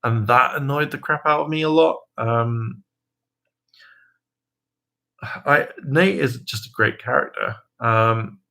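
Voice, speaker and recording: Young male streamer with a bright, forward tone and a middling pitch; casual, rambling delivery full of fillers, with jumps into mocking voices. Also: slow pace, vocal fry, pauses often. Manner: hesitant, many ums and restarts, jumps into high mocking voices when quoting. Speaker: livestream host. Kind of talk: casual rambling livestream chat.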